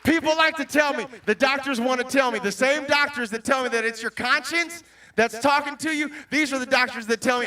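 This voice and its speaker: A man preaching to a young audience in an animated way, calling out questions to the crowd and bursting into shouts. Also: very high-pitched, brisk, recorded from a distance. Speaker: Christian motivational speaker.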